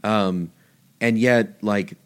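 Animated man chatting about faith. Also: fairly low pitch, very slow, clear, resonant tone. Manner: animated storyteller, voice jumps up for quoted lines. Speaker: podcast host. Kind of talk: casual faith conversation.

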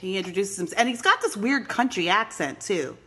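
A woman's voice: mid-range voice, lively intonation, brisk, pushed and bright, slightly rough. A woman chats through a movie plot with a friend in an easy, mid-range voice. She delivers dry, sarcastic lines and laughs at her own jokes. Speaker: podcast co-host. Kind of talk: casual movie recap chat.

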